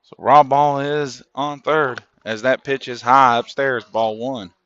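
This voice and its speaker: Male local play-by-play caller, mid pitch, dull dry webcast sound. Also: slow pace, no echo. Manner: steady play-by-play, rises with big plays. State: coughing, throat irritated. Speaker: play-by-play announcer. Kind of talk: sports commentary. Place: booth at a high school baseball game.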